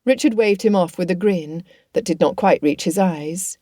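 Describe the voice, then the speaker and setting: A woman narrating a period novel audiobook in a measured storytelling manner. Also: fairly low pitch, mellow, no echo, studio quality.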